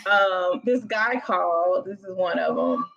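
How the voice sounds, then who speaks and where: Bright laughing woman, lo-fi audio. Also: lowish voice, measured pace, creaky. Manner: lively, laughing, acts out callers. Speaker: guest, dispatch trainer. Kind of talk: casual chat, storytelling. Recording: dull lo-fi audio.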